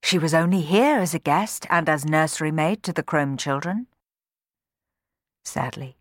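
A woman narrating a children's story from a book in an expressive, dramatic reading. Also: low-pitched, no echo, clean studio sound.

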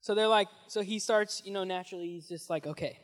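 A young man preaching as a youth pastor, telling the story in an animated, casual way with slang, swinging between loud and hushed, in a large hall. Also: high-pitched, fast. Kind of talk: sermon. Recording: long echoey hall reverb.

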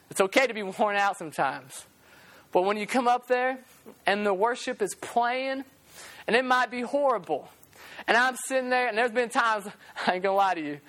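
Young guy preaching, really passionate, acts out the people in his stories. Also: very high voice. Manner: passionate, animated storytelling with acted-out quotes. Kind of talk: sermon.

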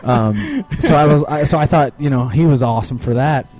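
Easygoing, modest man with a mellow voice. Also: on the high side, brisk. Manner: easygoing, modest, dry humor. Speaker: guest, fighter. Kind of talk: casual interview.

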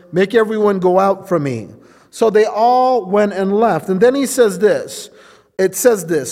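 A man's voice: sits high, darkish tone, long reverb tail. A male pastor preaching a sermon, teaching and putting questions to his listeners.

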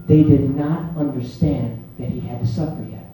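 A male preacher giving a sermon in a church, telling the story in a lively way and acting out scenes. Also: mid-range voice, measured pace. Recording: echoey hall, distant mic, faint music.

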